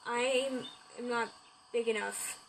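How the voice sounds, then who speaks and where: A woman's voice: fairly high pitch, steady tone, slow, a bit bright, a little hiss or hum, low-quality recording. A woman voicing a small frightened caterpillar who stammers and keeps repeating no, begging not to be eaten. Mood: panicked pleading.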